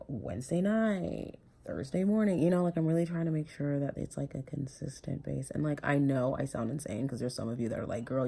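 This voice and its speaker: Low-voiced young woman, tearful and candid. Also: creaky, dark tone, husky. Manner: tearful, breaks off mid-sentence, laughs through tears. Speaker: vlogger. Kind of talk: emotional personal vlog.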